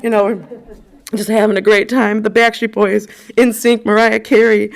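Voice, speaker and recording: A woman's voice: medium pitch, little pitch movement, moderate pace, creaky. A woman in her forties giving a eulogy, telling personal stories in a chatty way with frequent ums. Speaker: eulogist at a funeral.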